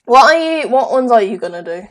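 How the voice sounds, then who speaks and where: A woman's voice: fairly high pitch, fast. A young woman chatting casually with a friend while playing a ghost-hunting game, with jumpy exclamations. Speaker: gamer. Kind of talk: casual chat while gaming.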